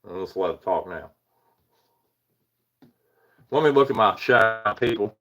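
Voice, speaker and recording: An Eastern US man hosts a paranormal livestream in a casual, rambling way, greeting chatters by name, poking fun at himself and chuckling often. His voice sits fairly low and sounds fairly bright, with lively intonation and a measured pace.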